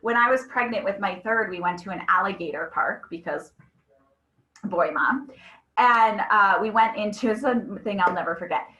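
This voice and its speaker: A woman's voice: mid-range voice, moderate pace, reverberant, poor audio. A woman in her thirties presenting a webinar on mental health, talking conversationally and telling stories with frequent asides to her audience. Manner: conversational, animated storytelling with frequent "right?".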